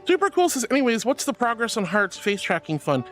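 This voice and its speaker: A woman VTuber reads chat in a relaxed livestream from an indoor VR setup, thanking her viewers in a gushing, cutesy way. Her fairly high voice swings widely in pitch and runs a little fast, with faint music in the background.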